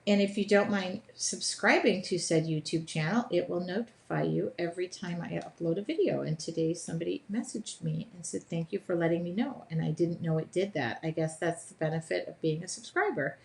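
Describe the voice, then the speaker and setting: A woman with a slightly low voice runs a casual live drawing class from her home studio. She chats as she works, upbeat and self-deprecating, thinking out loud about each stroke. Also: fairly quick, creaky, hardly any pauses. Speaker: art teacher hosting a live drawing session.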